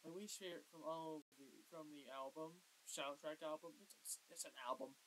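A woman casually reviewing a record album and scoring tracks, halting with many fillers and sudden loud bursts. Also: sits low, steady tone, a little hiss or hum, low-quality recording.

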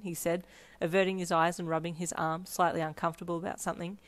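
A woman narrates a second-person fan story in an expressive reading voice. Her tone sits a bit low, and the recording is close and dry with no room echo. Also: fast. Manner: expressive, voicing every character. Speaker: fan fiction reader. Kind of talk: narrated reader-insert story.

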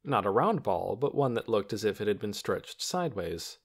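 A man's voice: fairly low pitch, big pitch swings, normal speed, breathy edge. A man narrating a children's novel as an audiobook, telling the story expressively.

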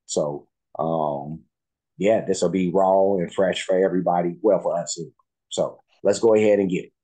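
A man hosts a reaction video in a loose, rambling chat full of ums and restarts. His voice is very low and husky, with a dark, mellow tone. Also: steady tone, moderate pace, rough recording. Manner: rambling, filler-heavy, friendly. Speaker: reaction channel host.

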